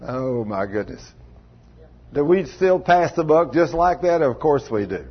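A man's voice: fairly high pitch, big pitch swings, unhurried, husky. A man preaching a folksy sermon, chuckling often and calling on congregation members by name. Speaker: pastor. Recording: dull lo-fi church recording.

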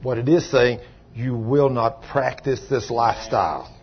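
Husky older man preaching. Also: mid-range voice, unhurried. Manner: folksy preaching, swings from soft to loud. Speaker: pastor. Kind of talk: sermon. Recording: dull lo-fi sound.

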